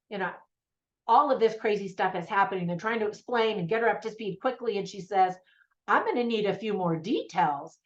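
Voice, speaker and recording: Host: woman film reviewer, chatty and upbeat, mid-pitched, slightly muffled recording. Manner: chatty and enthusiastic, laughs often. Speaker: movie reviewer. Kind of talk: casual spoken film review. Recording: slightly dull lo-fi sound.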